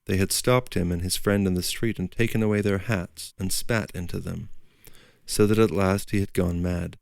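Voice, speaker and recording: A man narrating a literary audiobook in a measured storytelling manner. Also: sits low, fairly even intonation, vocal fry, no echo, clean studio sound.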